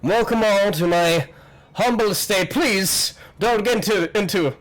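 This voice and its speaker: A man voicing a pompous, flustered older male host who dresses like a wizard, in a fussy high voice that stumbles over words. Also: a little slow, rough recording.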